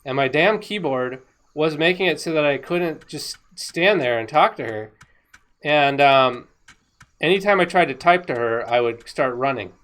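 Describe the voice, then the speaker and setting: A woman talking casually over her own gameplay footage, excitable and rambling, laughing often. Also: low voice, measured pace. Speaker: gaming video creator.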